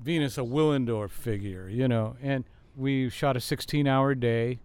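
A man's voice: mid-range voice, a little slow, smooth. An older man, a guest musician, telling long rambling stories in an interview outdoors in a backyard, full of fillers and restarts. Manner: rambling, animated storyteller with many fillers. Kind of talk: storytelling interview answers.

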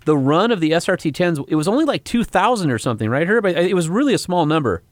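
A man's voice: fairly high pitch, very animated, quick pace, no room sound. A male co-host and car journalist, chatting casually and rattling off technical numbers with enthusiasm. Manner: enthusiastic about technical specs, recites numbers. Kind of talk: casual chat.

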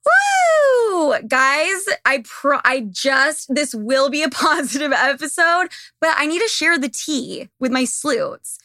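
Young woman podcaster ranting and cussing, bright edgy voice, dry close sound. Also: high voice, animated, a little slow, dry recording. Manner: profane, ranting, candid. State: slightly losing her voice. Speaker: podcast host. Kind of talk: casual monologue.

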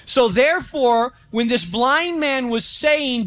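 High-voiced man preaching a sermon. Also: unhurried, hardly any pauses. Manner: animated storytelling, acts out quotes. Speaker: pastor. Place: church.

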